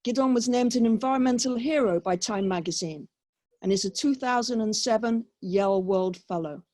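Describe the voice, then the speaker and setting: A woman moderating a webinar, reading a measured, scripted introduction of a guest. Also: fairly high pitch, dark tone, dry recording. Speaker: co-host, moderator. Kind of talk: read-out introduction. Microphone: video call.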